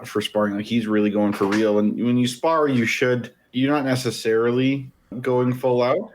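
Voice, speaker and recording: A man's voice: mid-range voice, moderate pace. A man as guest co-host of a podcast, casually explaining boxing while discussing a film. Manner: relaxed, explains boxing plainly.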